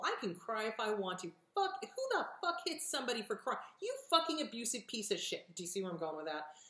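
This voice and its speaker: Middle-aged woman host giving blunt advice, swears a lot, pushy and encouraging, mid pitch, kinda echoey. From California. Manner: direct, emphatic, encouraging. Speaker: host answering viewer questions. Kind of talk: casual advice talk. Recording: echoey room.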